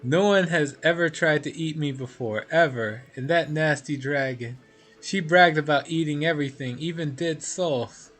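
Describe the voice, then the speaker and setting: A man's voice: fairly high pitch, moderate pace, fairly bright tone, soft background music. A man voicing a whiny, petulant female demon queen from a video game, read in a mostly plain voice.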